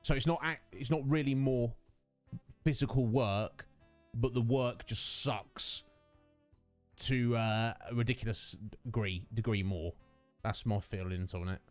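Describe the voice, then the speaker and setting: A man's voice: mid-range voice, a little slow, soft background music. A young man hosting a casual stream, rambling with lots of fillers and self-mocking asides. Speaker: livestream host. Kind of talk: casual chat with viewers.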